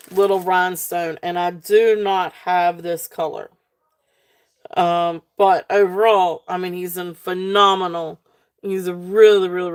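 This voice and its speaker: Unhurried Southern woman hosting a live sale. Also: lowish voice. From South Central Virginia, USA. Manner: chatty, many fillers, thanks viewers by name. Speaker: live sale host selling jewelry. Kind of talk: casual live-stream sales talk.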